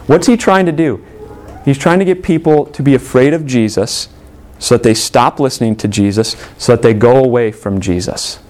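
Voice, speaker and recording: A man's voice: medium pitch, normal speed, a little mellow. A man preaching a sermon earnestly, stressing points with rhetorical questions. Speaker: pastor.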